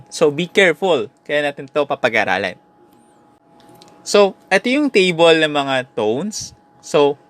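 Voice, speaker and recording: A man with a Filipino accent gives a recorded language lesson, moving between Tagalog and English. His voice sits a little high, and he repeats short syllables over and over to demonstrate tones. The sound is dry and close, with no room around it. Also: fairly bright tone, dry recording. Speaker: language teacher.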